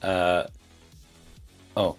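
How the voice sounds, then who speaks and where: A man's voice: low voice, level tone, extremely slow, clear, resonant tone, faint music behind. A man running a tabletop game as game master, narrating in a hesitant way with many fillers and restarts.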